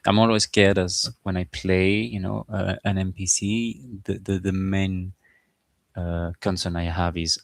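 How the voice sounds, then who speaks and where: A man as game master, talking through his game prep in a halting, informal, think-aloud way. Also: low voice, level tone, fairly bright tone, dry recording. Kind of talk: casual game prep screen-share.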